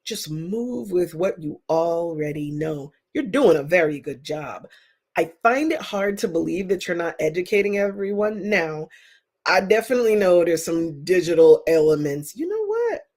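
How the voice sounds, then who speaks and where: A woman giving live-stream psychic readings to viewers, chatty and emphatic, with sudden animated outbursts. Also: lowish voice, moderate pace. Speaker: psychic reader.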